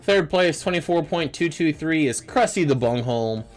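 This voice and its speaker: Man, lively up-and-down voice, stumbling chatty trivia host, faint music behind. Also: on the high side, normal speed. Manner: animated, stumbling restarts, profane. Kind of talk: casual livestream banter.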